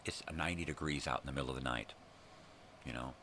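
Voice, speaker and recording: A man's voice: very deep voice, fast, bright, forceful tone, slight background noise. An older man ranting casually and profanely to camera, exasperated and blunt. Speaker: vlogger.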